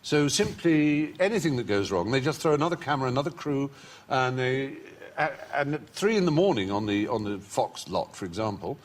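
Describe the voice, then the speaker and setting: An English man, a talk show guest, telling wry, articulate anecdotes in a husky voice. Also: mid-range voice, very animated, a little fast, few pauses. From England. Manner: articulate, wry storyteller who breaks into put-on voices. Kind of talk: anecdotal chat.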